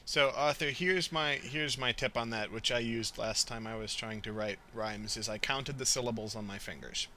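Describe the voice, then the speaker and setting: Man, bright forceful voice, casual podcast chat, easygoing, lots of fillers. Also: medium pitch, moderate pace, few pauses, a little hiss or hum. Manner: easygoing, many fillers, repeats words. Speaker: podcast co-host. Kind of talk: casual discussion of writing.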